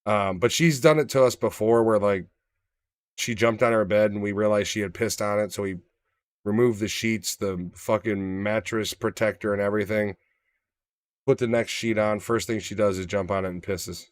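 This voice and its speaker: A man co-hosting a podcast in casual chat, swearing freely and acting out his dogs in lively stories. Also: fairly low pitch, normal speed, dry recording. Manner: profane, animated storytelling, acts out his dogs. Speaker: podcast co-host.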